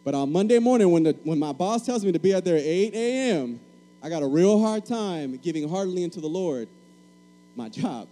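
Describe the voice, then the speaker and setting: A man's voice: sits high, animated, a little fast, dark tone, poor audio. A man from Puerto Rico preaching a sermon, emphatic and repeating key phrases, calling for answers from the congregation.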